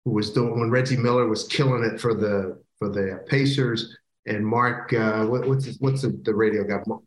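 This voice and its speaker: A middle-aged man from the Philadelphia area who works as a baseball play-by-play broadcaster appears as a guest on a casual podcast interview, telling stories. His voice is lowish and his speed normal, and he animatedly bursts into loud catchphrases. The recording has a roomy echo.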